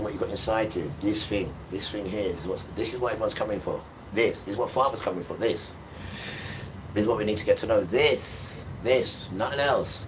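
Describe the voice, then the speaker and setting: A man delivering an impassioned spiritual monologue on a livestream, hammering points through repetition and jumping between loud outbursts and low mutters. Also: noisy background. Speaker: livestream host.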